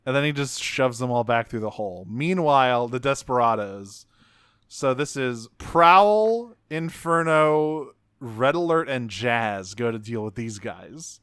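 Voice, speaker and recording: A man in casual podcast chat, animated and profane, breaking into silly character voices as he recaps cartoon episodes. His voice is smooth and resonant, recorded close and dry with no room sound. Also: mid-range voice, a little slow, no echo. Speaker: podcast co-host.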